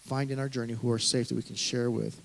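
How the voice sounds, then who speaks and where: A man's voice: medium pitch, little pitch movement, fast, creaky. Earnest middle-aged man preaching. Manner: earnest, conversational preaching with frequent restarts. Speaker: pastor. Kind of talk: sermon.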